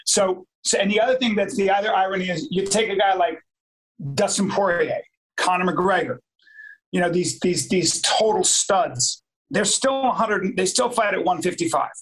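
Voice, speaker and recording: High-voiced man, emphatic casual chat. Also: moderate pace, fairly bright tone, poor audio. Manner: emphatic, swears, repeats phrases.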